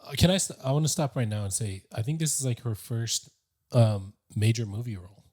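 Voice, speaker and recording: A man's voice: medium pitch, lively intonation, a little fast, a little mellow, no room sound, clean studio sound. A man co-hosting a casual movie review, chiming in and finishing his partner's sentences. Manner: chimes in, finishes the other host's sentences. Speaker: podcast co-host.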